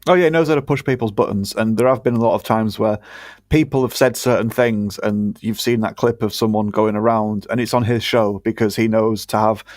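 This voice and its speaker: This man from Britain speaks in a fairly low, somewhat mellow voice as he co-hosts a podcast. Chatting casually in British English, he's sarcastic, blunt and quick to swear, and the audio has no echo.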